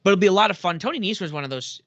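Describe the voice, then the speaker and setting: A man co-hosting a podcast, talking about wrestling in an excitable, rambling way. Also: high voice, racing, no room sound, highs cut off. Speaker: podcast co-host. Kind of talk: casual wrestling chat.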